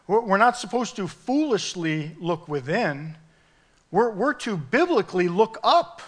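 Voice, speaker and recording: A male pastor preaching a sermon in an animated, emphatic way, pushing his voice up at key points. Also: sits high, unhurried.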